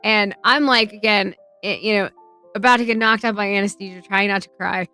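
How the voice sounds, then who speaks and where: A woman streamer telling a personal story in a chatty, emotional way, swearing freely and filling pauses with "um" and "like". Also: medium pitch, steady tone, pushed and bright, clean tone, soft background music. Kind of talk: casual livestream storytelling.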